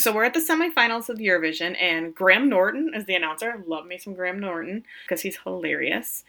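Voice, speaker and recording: A young woman with a bright, sharp-edged voice chats through a film plot with a friend. She slips into playful voices for the characters and laughs along as she goes. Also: lowish voice, animated, fast talker, gravelly, few pauses. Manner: acts out character lines with silly voices and laughs. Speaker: podcast co-host. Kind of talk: casual movie recap chat.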